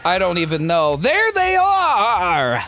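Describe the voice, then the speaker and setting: A gameplay streamer giving excitable, casual commentary full of quick yelps. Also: slight background noise. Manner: excitable, with yelps and a wide pitch swing. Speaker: gameplay channel host.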